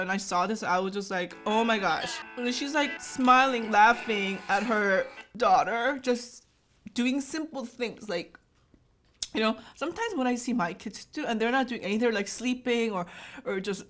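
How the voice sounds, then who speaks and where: A woman in her thirties, native in Korean, hosts a casual reaction video. Her voice sits a little high and she spills her feelings openly, circling back with fillers as she tries to find the words. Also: fairly bright tone. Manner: emotional, gushing, many fillers. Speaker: YouTube host.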